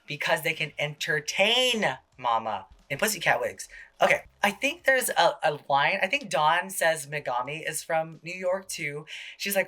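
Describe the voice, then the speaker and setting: A man hosting a casual TV recap, gossipy and full of swearing, jumping into quick impressions. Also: fairly high pitch, expressive, bright, forceful tone. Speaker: show host.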